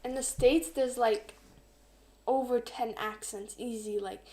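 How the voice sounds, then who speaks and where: A woman's voice: fairly high pitch, steady tone, a little slow, warm tone. A woman co-hosting a casual family live stream, playful, reading out viewer comments between chat. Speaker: co-host family member.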